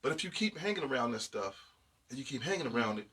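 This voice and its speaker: Husky, bright-voiced man lecturing emphatically. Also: mid-range voice, very animated, quick pace. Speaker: podcast co-host. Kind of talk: casual podcast chat.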